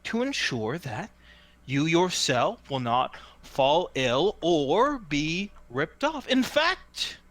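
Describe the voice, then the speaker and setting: A man voicing a slick male hawker who gives a drawn-out, grandiose sales pitch. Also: sing-song, a bit bright, exaggerated voice. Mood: persuasive. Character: slick male toad-fortune hawker, showman.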